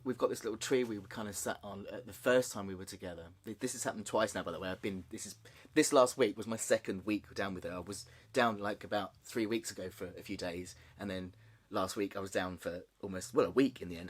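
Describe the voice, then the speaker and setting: A man sharing a personal story in a candid, halting way, with nervous laughs and frequent restarts. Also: fairly low pitch, slightly rough. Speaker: vlogger. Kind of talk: personal confessional vlog.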